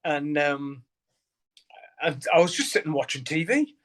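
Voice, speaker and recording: A man's voice: a little high, expressive, a little slow, fairly bright tone, a little hiss or hum. A middle-aged man with a Geordie accent, a musician guest rambling through stories with lots of swearing and laughter. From Newcastle, England. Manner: rambling storyteller, heavy swearing, frequent laughter, many restarts. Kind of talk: casual interview chat.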